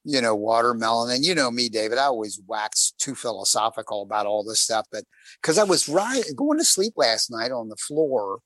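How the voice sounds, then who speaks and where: A man hosting a talk show, telling stories from a bike trip in a casual, animated way and acting out the quotes. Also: medium pitch, moderate pace, no room sound. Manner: animated, rambling storyteller who acts out quotes. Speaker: radio show host on a cycling trip. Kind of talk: casual storytelling chat on air.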